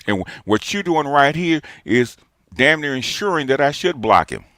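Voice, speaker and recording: A man in his sixties rants in a streamer's response monologue. He lectures emphatically, hammering the same points again and again. The sound is dry and close, with mid-range pitch for a man. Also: sing-song, moderate pace, fairly bright tone, dry recording. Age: 60s. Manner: emphatic, lecturing, repeats himself.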